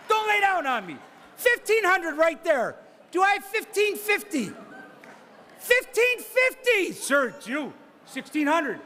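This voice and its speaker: A man calling a live charity auction in a very high, bright, ringing voice that swoops up and down as he chases bids. He teases bidders and shouts out numbers, with faint room ambience behind him. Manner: energetic, teasing, shouts bids and whoops. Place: banquet hall at a charity gala.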